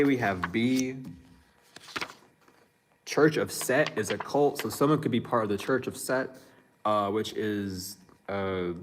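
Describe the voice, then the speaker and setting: A man in the middle of his usual range gives a casual psychic reading straight to his viewers. His delivery is loose and slangy, full of chuckles and restarts as he thinks aloud, with a faint hiss behind him. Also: mid-range voice. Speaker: psychic reader.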